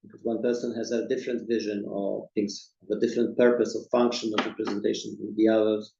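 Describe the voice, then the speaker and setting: Gravelly man answering webinar questions. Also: on the low side, level tone, fast, mellow. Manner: thoughtful, repeats words at starts. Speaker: presentation designer. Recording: roomy, dull lo-fi sound.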